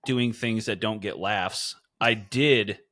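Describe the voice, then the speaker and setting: A man's voice: lowish voice, slow pace, sharp tone, no room sound, clean studio sound. A young man co-hosting a comedy podcast, riffing playfully and laughing easily in casual chat. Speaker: podcast co-host.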